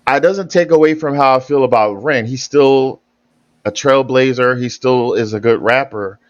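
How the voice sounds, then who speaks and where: A man talks through his reaction, circling back and restarting as he explains his point. His pitch sits mid-range. The sound is dry and a little dull, with no room echo. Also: moderate pace. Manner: hesitant, rambling explanations with restarts. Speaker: reaction video host. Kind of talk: casual reaction commentary.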